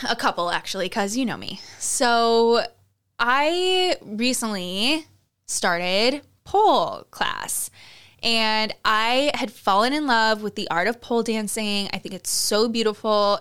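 A woman tells a personal story on her solo podcast in a candid, chatty way. She fills her sentences with "like", swears without a second thought and speaks directly to her listeners. Her voice is smooth and clear at a middle pitch. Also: fairly bright tone. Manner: chatty, candid, swears freely, many "like" fillers; confiding, addresses listeners directly. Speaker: podcast host.

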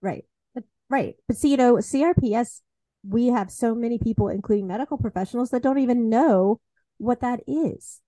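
A woman's voice: a little high, normal speed, dark tone, no echo. A woman hosting a podcast, telling candid stories in a wry, casual way. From Southern United States. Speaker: podcast host. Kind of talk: casual conversational interview.

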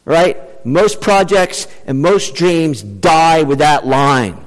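A man preaching a sermon in an animated, emphatic way, changing his pace for effect. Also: on the high side, takes it slowly. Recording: long hall reverb.

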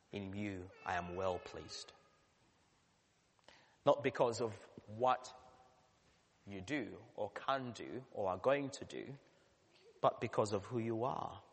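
A man, a pastor, delivering a sermon with earnest emphasis that swells to loud peaks. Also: mid-range voice, breathy edge. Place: church. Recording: long church reverb.

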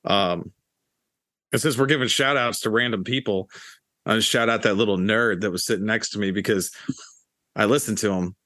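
A man's voice: lowish voice, moderate pace, pauses often, pushed and bright, dry recording, studio quality. A man co-hosting a podcast, chatting bluntly and casually with a lot of swearing. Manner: blunt, profane, easygoing. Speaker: podcast co-host. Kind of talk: casual chat.

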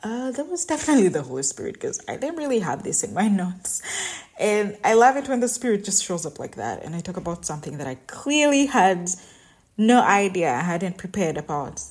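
A shy, soft-spoken woman hosting a devotional Bible-reading podcast, emotional and often laughing as she talks, recording while on vacation. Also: mid-range voice, big pitch swings, brisk. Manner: shy, introverted. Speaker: podcast host. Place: vacation lodging.

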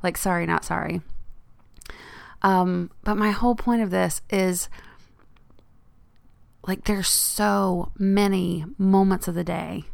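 A woman's voice: lowish voice, fairly even intonation, slow, creaky, long pauses, a little mellow, dry recording. A woman hosting her own podcast, talking in a chatty, rambling way and laughing often. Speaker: podcast host. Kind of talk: casual solo podcast monologue.

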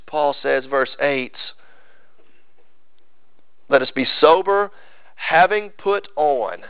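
A pastor delivers an emphatic sermon, driving points home by repeating his phrases. His voice sits high for a man. The sound is dry and close, a little dull and muffled. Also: animated, slow pace, pauses often, clear, resonant tone, no echo.

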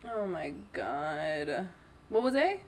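A woman's voice: deep voice, very animated, slow, a little mellow, a little hiss or hum. Giggly woman muttering through quiz answers. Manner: giggly, thinks aloud, mutters to herself. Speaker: quiz contestant. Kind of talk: playful quiz game with a friend.

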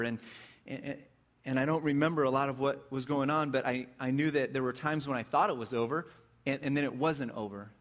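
Animated male preacher telling a story. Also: medium pitch, brisk. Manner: vivid, swings between excited bursts and hushed reflection. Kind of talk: dramatic sermon storytelling.

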